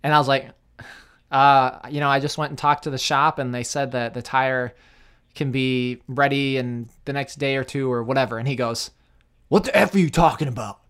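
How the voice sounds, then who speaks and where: A man's voice: medium pitch, normal speed, smooth. A young man co-hosting a casual podcast, telling work stories with laughs and acted-out quotes. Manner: animated, laughing storyteller who acts out quotes. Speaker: podcast co-host. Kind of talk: casual storytelling chat.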